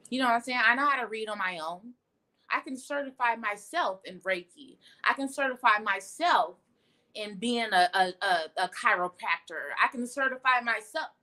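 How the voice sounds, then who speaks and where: Bright-voiced blunt woman tarot reader. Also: on the high side. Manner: blunt, profane, animated. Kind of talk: casual spiritual livestream talk.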